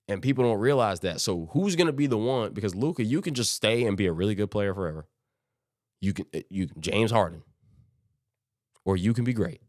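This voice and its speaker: Speaking briskly with lively intonation and a fairly low pitch, this podcast host runs a solo sports show in a loose, rambling, conversational style. He restarts phrases often and voices imaginary teams offhandedly. The sound is clean studio quality and dry.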